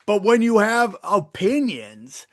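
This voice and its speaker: A man's voice: high-pitched, sing-song, a little slow, crowd noise. A middle-aged man hosting a casual podcast chat, talking bluntly with plenty of swearing and many restarts. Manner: blunt, profane, rambling with restarts. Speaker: podcast host.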